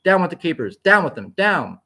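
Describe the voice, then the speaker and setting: A man's voice: high voice, big pitch swings, brisk, creaky, husky, voice pushed up, exaggerated voice. Man voicing a frantic screaming rebel woman. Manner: shouting, frantic.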